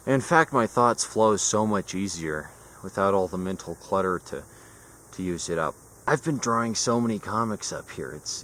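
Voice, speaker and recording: A young man records a casual vlog monologue in a forest, speaking into his camera mic with a low, slightly bright voice. He rambles, stays sarcastic, and swears freely.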